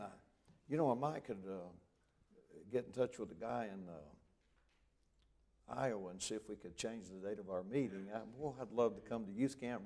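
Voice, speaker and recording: A man's voice: lowish voice, darkish tone. An older man from the American South with a Southern Alabama accent, preaching a folksy revival sermon. He is humble and chatty and chuckles as he tells stories. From Southern United States. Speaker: visiting evangelist preacher. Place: church sanctuary.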